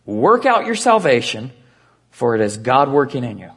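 Gravelly-voiced man preaching a sermon. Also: medium pitch, very animated. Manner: earnest preaching with hushed, slowed emphasis. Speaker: pastor.

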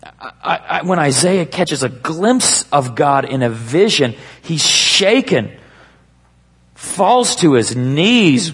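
A man preaching a sermon to a live congregation, with an emphatic, slow, dramatic delivery. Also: fairly high pitch, expressive, fairly bright tone, husky.

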